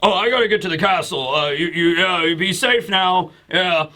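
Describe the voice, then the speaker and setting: A man's voice: sits high, moderate pace, sharp tone. A man voicing a flustered old male village caretaker who stammers and mumbles.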